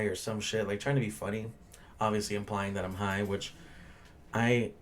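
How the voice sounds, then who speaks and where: Ranting, foul-mouthed young guy, lowish voice. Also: flat delivery, moderate pace. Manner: blunt, ranting, swears freely. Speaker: podcast host and bartender. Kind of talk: casual profane storytelling.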